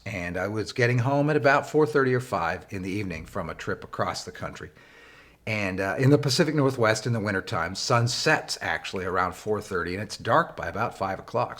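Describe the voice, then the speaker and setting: A man teaching leadership through a personal story, talking conversationally with frequent fillers and wry emphasis. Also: fairly bright tone. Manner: rises in pitch for wry emphasis. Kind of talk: anecdotal storytelling lesson.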